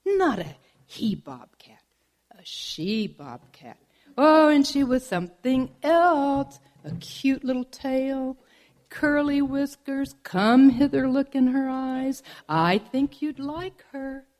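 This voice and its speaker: A woman voicing a fussy, vain female saguaro cactus who is quick to take offense, in a told folk story. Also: high-pitched, darkish tone, pitched above the performer's own voice. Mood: coaxing.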